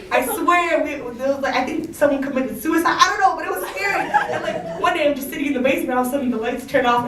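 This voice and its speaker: Chatty young woman speaker, high voice, giggly, heard from across an echoey room. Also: recorded from a distance. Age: young adult. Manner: chatty, giggly, says "like" a lot. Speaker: college panel speaker. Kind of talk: casual talk to students. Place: school room.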